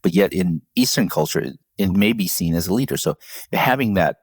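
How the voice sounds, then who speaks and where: A man's voice: low-pitched, fairly quick, breathy edge, no echo. A man who leads a professional association answers interview questions in a conversational, storytelling way and laughs often. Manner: storytelling, animated when quoting others, laughs often. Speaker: CEO of a professional association, guest.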